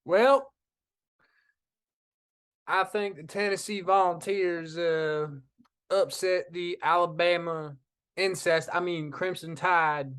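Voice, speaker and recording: Male co-host from Kansas, jokey, high clear voice. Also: fairly even intonation, takes it slowly, long pauses, fairly bright tone. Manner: jokey, drops into a mock country drawl. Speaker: podcast co-host. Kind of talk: casual sports chat.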